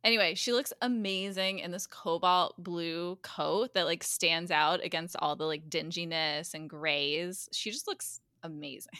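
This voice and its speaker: A woman's voice: fairly low pitch, unhurried, few pauses, no room sound, studio quality. A woman co-hosting a podcast, animatedly recapping a TV episode in casual chat, laughing and swearing freely. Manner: animated storyteller, acts out characters' lines, laughs often, swears casually. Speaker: guest co-host recapping a TV episode.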